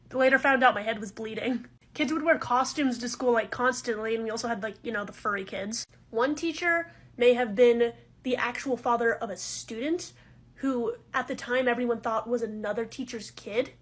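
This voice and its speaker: A woman's voice: on the high side, fairly bright tone. A young woman reeling off school anecdotes in an offhand, casual way. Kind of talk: casual storytime.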